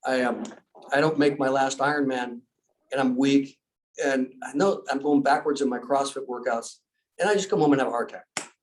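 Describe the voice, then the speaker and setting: A man's voice: fairly high pitch, slight background noise. A man telling a story casually in conversation, laughing as he goes and acting out the other people's lines. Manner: chatty, laughs while telling stories, acts out dialogue. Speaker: guest speaker. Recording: distant from the mic.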